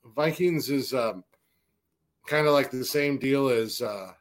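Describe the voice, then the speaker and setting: Halting, laid-back man co-hosting a podcast. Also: medium pitch. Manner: halting, restarts often, casual swearing. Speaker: podcast co-host. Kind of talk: casual chat.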